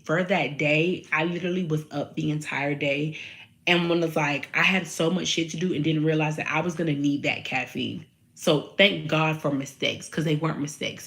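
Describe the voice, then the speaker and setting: A woman giving a casual tarot and astrology reading to her viewers, talking in an animated way, swearing freely and repeating phrases for emphasis. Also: low-pitched.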